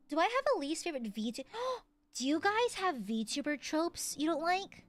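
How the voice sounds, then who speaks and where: A woman's voice: high voice, big pitch swings, moderate pace, soft background music. A young woman streaming casually as a VTuber, playful and jokey, often breaking into laughs and squeals. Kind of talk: casual livestream chat.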